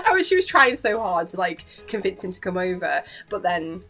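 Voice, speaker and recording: A young woman vlogger chatting excitedly in a gushing, giggly way and acting out quotes. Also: on the low side, a little fast, few pauses, faint music behind. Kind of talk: excited reaction chat.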